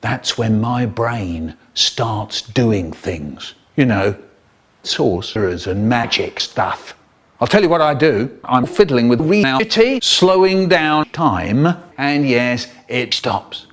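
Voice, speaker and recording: A man telling comic stories in a theatrical, animated way, cut up and re-edited. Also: medium pitch, takes it slowly. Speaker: children's storyteller. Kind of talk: chopped-up comic storytelling.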